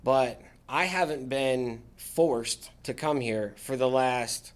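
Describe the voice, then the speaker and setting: Man, podcast guest, veteran, candid, dry sarcasm, mid-pitched voice. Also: slow, clear, resonant tone. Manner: frank, dry sarcastic humor. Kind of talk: candid casual interview talk.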